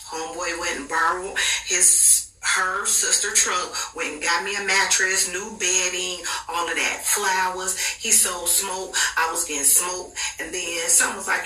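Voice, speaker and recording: Bright-voiced woman telling a wild story. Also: on the low side, unhurried, distant mic, slight background noise. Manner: animated, slangy, dramatic retelling. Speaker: podcast host. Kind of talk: casual storytelling. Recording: roomy echo, off-mic.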